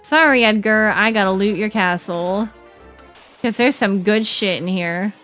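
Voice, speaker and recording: A young woman chatting casually while streaming a game, animated and giggly, with lots of "like" fillers. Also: medium pitch, unhurried, soft background music.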